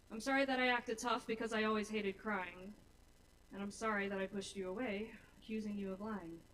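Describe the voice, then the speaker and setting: A woman's voice: medium pitch, a bit bright. A young woman on a small bar stage reads her rhymed spoken-word poems with nervous sincerity. She stands a bit back from the stage mic, so her voice sounds slightly distant. A faint hiss of room noise sits under the live recording. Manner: nervous, earnest rhyming delivery. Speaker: open mic poet. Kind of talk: spoken-word poetry performance.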